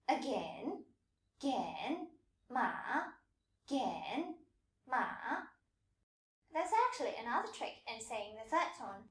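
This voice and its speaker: Female language teacher, high voice, deliberate tone demos, roomy echo. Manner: clear, deliberate demonstration of tones. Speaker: Mandarin teacher. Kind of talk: scripted language lesson.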